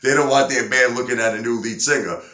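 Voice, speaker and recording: A man's voice: medium pitch, steady tone, quick pace, sharp tone, roomy sound. A man casually telling a story with lots of fillers, acting out quotes in other voices. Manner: rambling, many fillers, acts out quotes. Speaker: entertainer storyteller.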